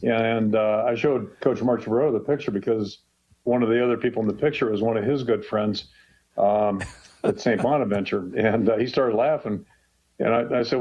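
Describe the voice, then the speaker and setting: A man in his sixties talks casually on a call-in radio show, his voice low and a little muffled by the dull broadcast sound. He rambles in a folksy way, restarting sentences and filling pauses with "uh" and "you know.". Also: husky. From Western Pennsylvania. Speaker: head football coach, show guest.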